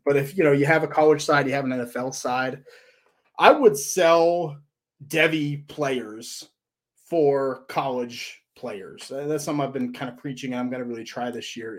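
A man co-hosting a podcast, telling stories and giving advice in a loose, rambling way with lots of fillers. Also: mid-range voice. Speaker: podcast co-host. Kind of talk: casual podcast chat.

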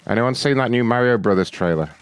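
A man hosting a comedy prank call show, calmly posing as a corporate complaints agent. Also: mid-range voice, fast talker, clean tone, soft background music. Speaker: prank caller host.

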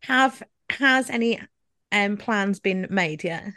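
A woman's voice: medium pitch, slow pace, sharp tone. A woman, co-hosting a podcast in giggly, chatty and sweary casual talk. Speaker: podcast co-host. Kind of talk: casual chat.

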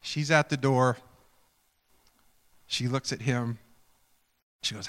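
A man preaching a sermon, telling a personal story with animated swings from hushed whispers to shouts. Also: mid-range voice, slow, pauses often, big-room sound. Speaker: pastor.

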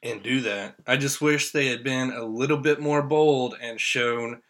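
A man from Indiana co-hosting a podcast, chatting casually and excitedly, rambling as a fan. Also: medium pitch, measured pace. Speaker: podcast co-host. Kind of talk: casual chat.

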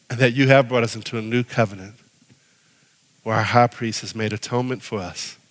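A man preaching a sermon as pastor, animated, swinging from loud exhortation to hushed prayer. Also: medium pitch. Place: church sanctuary. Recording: long reverb of a church hall.

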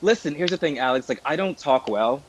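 Animated, self-mocking man chatting. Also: fairly high pitch, fairly quick, a little hiss or hum, rough recording. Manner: animated, self-deprecating storyteller. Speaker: podcast co-host. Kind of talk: casual chat.

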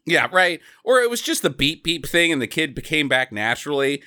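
A man with a bright, fairly high voice tells a movie's plot, swearing and acting out the characters. His pitch swings widely as he jokes, recorded close and dry. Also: normal speed, clean tone, dry recording. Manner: joking, profane, animated retelling with mimicked lines. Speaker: podcast co-host. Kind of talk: casual movie recap chat.

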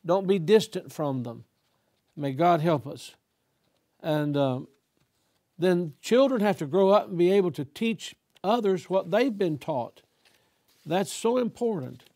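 An older male pastor preaching with emphatic force and a preacher's rise and fall. His voice sits a little higher than most men's, and he circles back over his phrases before pressing on. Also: expressive, unhurried, pauses often, dark tone. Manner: emphatic, repetitive restarts, preacherly cadence. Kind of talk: sermon.

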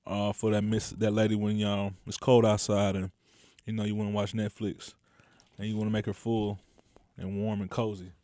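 A man's voice: on the low side, little pitch movement, moderate pace, mellow, dry recording, studio quality. A man co-hosting a dinner podcast in casual chat, laid-back and teasing, talking in slang. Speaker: podcast co-host.

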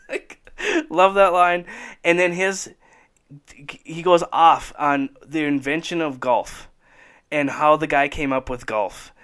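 A man co-hosting a casual chat, excited and laughing often, acting out bits in high voices. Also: takes it slowly, clean tone. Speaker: podcast co-host.

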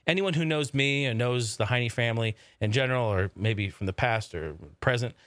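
A man's voice: mid-range voice, moderate pace, fairly bright tone, dry recording, studio quality. A man casually telling a funny family story, swearing a lot and acting out the voices of the people in it. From family from Oregon. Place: home in the desert.

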